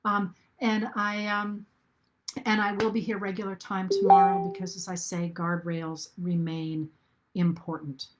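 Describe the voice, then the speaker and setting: A woman's voice: fairly low pitch, flat delivery, unhurried. A middle-aged woman hosting a live video talk to her viewers, earnest and thinking aloud, with restarts and fillers. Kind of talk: casual live-stream talk.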